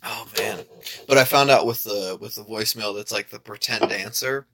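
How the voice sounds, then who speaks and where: A young man co-hosting a podcast in casual chat, laid-back, swearing often and laughing as he acts out quotes in higher voices. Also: moderate pace, vocal fry, pushed and bright. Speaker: podcast co-host.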